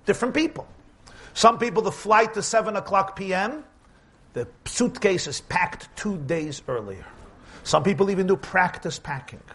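A man giving a humorous sermon to an audience, telling lively stories, acting out quotes and dropping in Yiddish words. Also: high voice. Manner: animated storytelling with Yiddish words and acted-out quotes.

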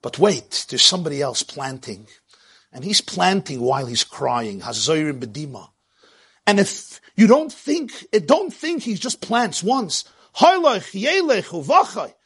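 A man's voice: fairly high pitch, very animated, unhurried, fairly bright tone, slightly rough. A man giving a sermon in a dramatic delivery that rises and falls, quoting Hebrew verses.

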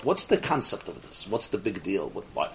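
A man's voice: deep voice, sing-song, moderate pace, slight background noise. A man teaching a religious study class as a rabbi, emphatic, repeating key phrases and putting questions to his listeners.

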